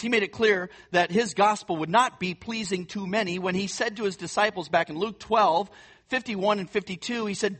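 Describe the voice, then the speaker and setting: Earnest male preacher, slightly high voice. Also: moderate pace, fairly bright tone. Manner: earnest, emphatic, repeats words. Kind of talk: sermon teaching.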